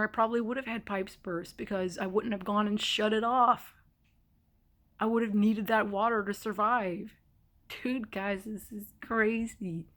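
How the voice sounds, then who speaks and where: A woman's voice: mid-range voice, a bit bright. A young woman talking candidly in a casual vlog, exasperated and laughing between heavy sighs. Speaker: vlogger. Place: temporary hotel stay during a winter storm.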